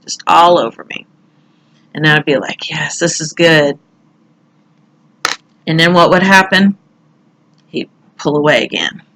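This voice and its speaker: A woman's voice: low-pitched, lively intonation, normal speed, long pauses, a bit bright, rough recording. A middle-aged woman talking casually through a tarot reading, chatty and candid, now and then swearing or laughing at herself. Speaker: tarot reader.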